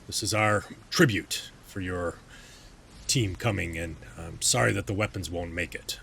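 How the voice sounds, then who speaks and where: Man doing large hobgoblin envoy, courteous, measured, very low voice, tabletop game. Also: gravelly, fairly bright tone, a little hiss or hum, exaggerated voice. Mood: formal. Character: large hobgoblin envoy, formal and polite, male.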